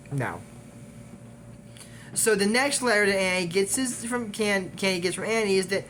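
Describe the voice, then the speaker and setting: A man's voice: high-pitched, animated, normal speed, long pauses, fairly bright tone. Chatty guy rambling thru a cartoon recap, lots of ums, goes off on tangents, faint hiss in the background. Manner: chatty, digressive, trails off with fillers and self-conscious laughs. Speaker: YouTube recap host. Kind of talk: casual rambling episode recap.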